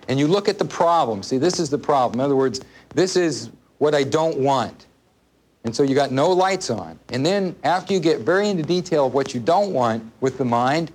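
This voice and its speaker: A man with a mid-range, slightly mellow voice teaches a live seminar to an audience in a room. The adult workshop instructor, a parent of a small child, speaks casually, repeats his points, and asks listeners questions.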